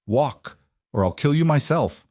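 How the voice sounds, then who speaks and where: A man voicing a bold, sharp-tongued young woman in an audiobook, shrieking and hissing her lines. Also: a little high, expressive, unhurried, voice pushed up. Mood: urgent hiss. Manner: shrieking, biting, then hissing. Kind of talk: audiobook character voice.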